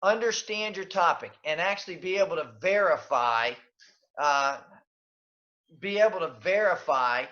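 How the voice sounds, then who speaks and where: A man's voice: on the high side, bright, forceful tone. A man presenting a communication workshop by webinar, speaking emphatically with fillers, restarts and repeated key points. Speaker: leadership coach and webinar presenter. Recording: dull lo-fi webinar audio.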